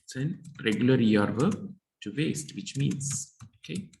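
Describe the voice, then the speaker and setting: A man's voice: mid-range voice, normal speed, vocal fry, a little mellow, slight background noise. A man teaching a French lesson: he reads French lines aloud, then translates and explains them in English. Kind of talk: bilingual language lesson. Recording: echoey room.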